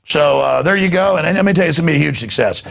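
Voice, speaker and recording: Host, male, gravelly and husky, rambling sarcastic news rant. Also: a little high, lively intonation, rapid-fire, fairly bright tone. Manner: sarcastic, rambling, laughing asides.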